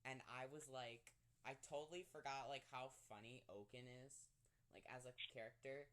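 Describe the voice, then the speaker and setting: A young man hosts a relaxed podcast conversation at an ordinary, middling pitch. He rambles happily, giggles often and fills his sentences with "like" and "um". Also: moderate pace. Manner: chatty, giggly, lots of fillers like "like" and "um". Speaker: podcast host. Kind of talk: casual chat.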